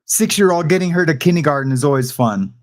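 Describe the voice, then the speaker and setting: Laid-back high-voiced co-host in his thirties. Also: expressive, fast, crowd noise. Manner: laid-back, short replies. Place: home office.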